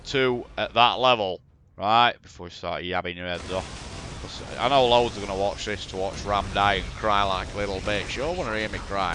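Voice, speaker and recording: A man's voice: on the low side, moderate pace, bright, forceful tone, a little hiss or hum. A man with a Yorkshire accent, commentating a replay of his own strategy game in blunt, sweary, exasperated banter. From Yorkshire, England. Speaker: gaming commentator.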